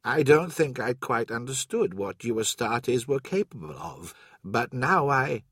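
A man's voice: medium pitch, slow, breathy edge, dry recording, clean studio sound. A man voicing a shaken, hesitant official. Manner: hesitant and quiet.

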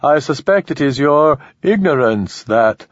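Man doing a slow, cold alien voice. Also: a little high, lively intonation, no echo, voice pushed up. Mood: cold, formal. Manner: slow, measured and formal. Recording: slightly dull lo-fi recording.

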